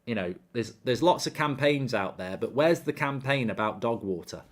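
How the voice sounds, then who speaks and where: A man's voice: mid-range voice, expressive, normal speed. A man hosting a live football watchalong, ranting animatedly and swearing freely while telling an anecdote. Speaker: host.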